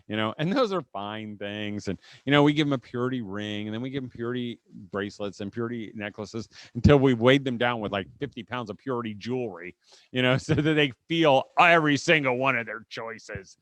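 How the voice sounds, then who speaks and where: A middle-aged man speaking at a homeschool conference before a live audience. He tells stories with humor and quick asides, often restarting his sentences, and ends by leading a prayer. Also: medium pitch, fairly bright tone, dry recording. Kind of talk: live seminar talk with humor, closing in prayer.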